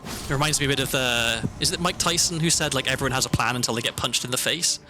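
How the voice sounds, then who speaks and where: A British man with a mid-range voice talks quickly while streaming a game, offering casual commentary. He's chatty and rambling, often breaking off mid-sentence, with game music playing underneath.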